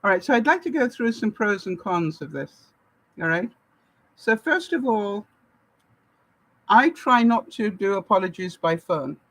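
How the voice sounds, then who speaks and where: A woman's voice: mid-range voice, sing-song, unhurried, pauses often, fairly bright tone, no room sound, low-quality recording. A woman from Canada giving casual advice to her viewers, laughing often and acting out the lines she quotes. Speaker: vlogger. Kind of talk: casual advice talk to camera.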